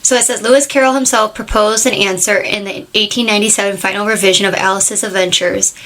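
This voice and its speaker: Bright-voiced chatty woman co-host. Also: mid-range voice, fairly even intonation, fast talker. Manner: chatty and opinionated, reads out facts she looked up. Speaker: podcast co-host. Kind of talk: casual chat.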